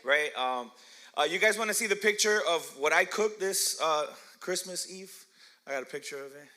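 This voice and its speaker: Bright-voiced man preaching with playful stories. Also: high-pitched, normal speed. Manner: playful storytelling, laughs often, asks the crowd. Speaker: pastor. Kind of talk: sermon with personal stories. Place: church hall.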